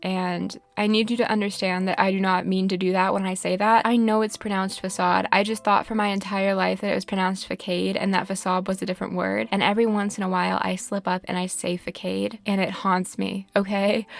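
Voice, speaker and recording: A woman giving casual gameplay commentary, rambling with dramatic, deadpan humor. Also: medium pitch, creaky. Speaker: gaming video creator.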